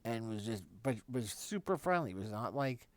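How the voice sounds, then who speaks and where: A man's voice: medium pitch, expressive, normal speed, dry recording. A man vlogging, telling a casual anecdote in a rambling way with lots of fillers and restarts. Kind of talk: casual storytelling.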